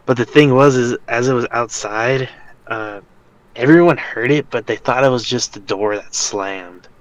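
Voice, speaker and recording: A man's voice: medium pitch, moderate pace, poor audio. A young man co-hosting a podcast, rambling through a casual story with many fillers and restarts. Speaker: podcast co-host. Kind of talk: casual chat.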